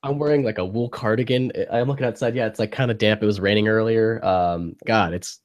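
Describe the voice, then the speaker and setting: Young male co-host, a bit low, congested and sniffly, loose jokey delivery over a video call. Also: steady tone, fairly quick. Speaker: podcast co-host. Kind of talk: casual chat.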